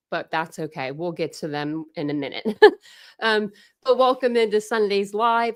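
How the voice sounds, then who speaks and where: A woman's voice: mid-range voice, smooth, no echo, clean studio sound. Chatty woman hosting a home livestream. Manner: chatty, laughing, greeting viewers by name. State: out of breath. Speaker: livestream host. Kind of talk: casual livestream chat. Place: home room with dogs.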